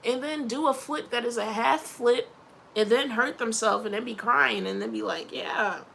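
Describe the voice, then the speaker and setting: A woman vlogger chatting casually to camera, animated and playful, with slangy asides. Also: on the high side, moderate pace, creaky, slight background noise.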